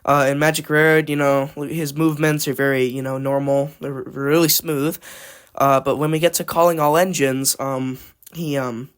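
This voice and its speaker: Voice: mid-range voice, flat delivery, normal speed, smooth. A YouTube host giving casual, opinionated ranking commentary. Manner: opinionated, informal.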